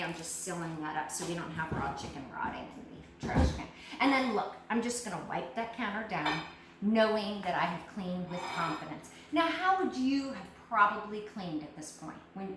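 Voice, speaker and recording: Animated woman demoing in an echoey kitchen. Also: medium pitch. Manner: animated, emphatic, addresses audience directly. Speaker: product demonstrator. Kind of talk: live cleaning product demo. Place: home kitchen at the sink. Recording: echoey room, distant mic, faint noise.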